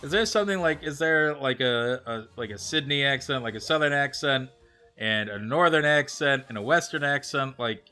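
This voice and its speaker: A medium-pitched male voice, pushed, bright and smooth, moves at a moderate pace with faint music behind. He's an American live-streaming a game, chatting loosely with viewers. He thinks out loud and reads chat messages aloud before answering them.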